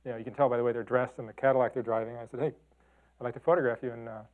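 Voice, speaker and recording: Rapid-fire and fairly even in intonation, a medium-pitched man's voice carries this talk. The middle-aged photographer, from Chicago and Detroit, chats loosely about his photographs, stumbling through fillers and restarts. The recording sounds tinny, like a phone.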